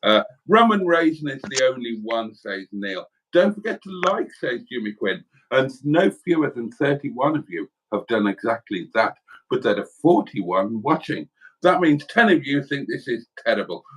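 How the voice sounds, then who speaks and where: A man's voice: mid-range voice, a bit bright, poor audio. A man with a mid-range voice co-hosts a home livestream. His delivery swoops widely as he reads out viewer comments in a jovial, wry way and tosses in jokey asides. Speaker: livestream co-host. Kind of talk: casual chat reading viewer comments. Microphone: home livestream setup.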